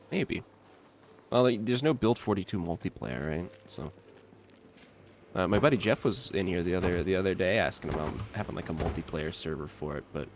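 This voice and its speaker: Young male streamer, low voice, lively swings, relaxed banter, faint hiss behind. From not from Kentucky. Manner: laid-back, laughs often, reacts to chat. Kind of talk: casual livestream chat while gaming.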